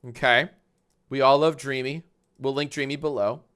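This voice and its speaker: A man's voice: mid-range voice, fairly even intonation, moderate pace, fairly bright tone, smooth. A man hosting a casual livestream, reacting to videos with sarcastic, profane rants. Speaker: livestream host.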